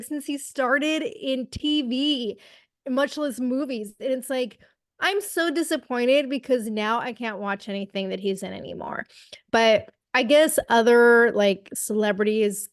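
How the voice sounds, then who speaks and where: Woman co-host, blunt and indignant, slightly high voice, dry close mic. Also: a bit bright, dry recording. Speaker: podcast co-host. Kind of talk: casual political chat.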